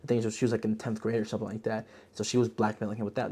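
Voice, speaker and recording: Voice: medium pitch, very fast, breathy edge. Slangy rambling podcast host. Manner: slangy, rambling, animated storytelling. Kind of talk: casual movie review chat.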